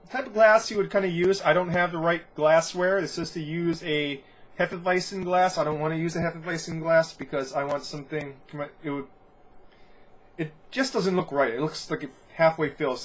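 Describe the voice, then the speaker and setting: Chatty man with a higher voice. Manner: rambling, self-correcting, chatty. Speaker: beer reviewer. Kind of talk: casual beer review.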